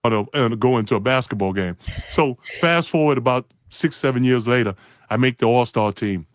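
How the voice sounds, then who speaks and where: A man, a former basketball player, recalling a story as a podcast guest, halting and restarting often. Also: mid-range voice.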